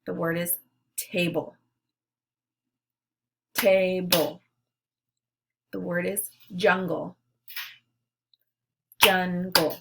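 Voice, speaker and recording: A woman teacher leading young children through a phonics lesson, giving words slowly and clearly for them to repeat. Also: on the low side, flat delivery, background noise. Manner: slow, clear, leading call-and-response drills.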